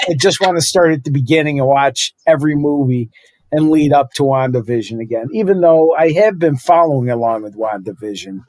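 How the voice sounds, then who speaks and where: A middle-aged man with a somewhat high voice rambles through casual podcast chat. He corrects himself as he talks, and his voice sounds dry and close with no room around it. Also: a little mellow, no echo. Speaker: podcast co-host.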